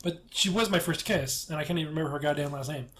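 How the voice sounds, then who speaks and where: A man's voice: on the high side, quick pace, a bit bright. A man hosting a podcast in casual chat, rambling and joking, often trailing off and restarting. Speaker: podcast host. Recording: echoey room.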